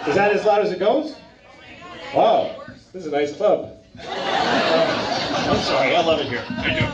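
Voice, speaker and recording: A man doing a stand-up set at a comedy club stage, telling crude bits in a halting, deadpan way full of fillers, into a handheld mic. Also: fairly high pitch, dull audio, very noisy. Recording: roomy club, loud laughing crowd. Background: laughing audience.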